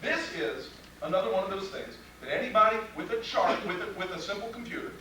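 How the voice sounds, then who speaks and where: Speaking quickly in a high-pitched, expressive voice with a sharp tone, a criminal defense trial instructor teaches trial lawyers at a live workshop. He's blunt and profane, peppering the audience with rhetorical questions. The recording is distant and echoey in a training room, with a little hiss or hum.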